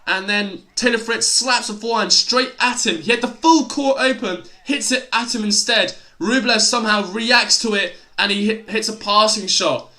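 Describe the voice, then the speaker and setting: A young man giving excitable live play-by-play tennis commentary on a stream, exclaiming at big points and chatting casually between them. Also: high-pitched, moderate pace, hardly any pauses.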